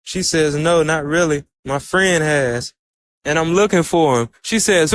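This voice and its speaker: A man's voice: on the high side, measured pace. A man casually recapping an anime episode, retelling each scene with a running "and so" and "she says.".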